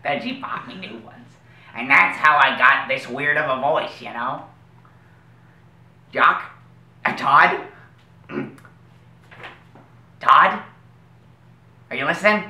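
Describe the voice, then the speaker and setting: A man's voice: on the high side, animated, pushed and bright, heavily acted. A man doing a weird-voiced awkward teen boy. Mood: odd. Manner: slow, meandering storytelling with odd leaps. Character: odd awkward teenage boy with a weird voice, rambling. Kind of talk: animated web series voice acting. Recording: roomy echo, faint hiss.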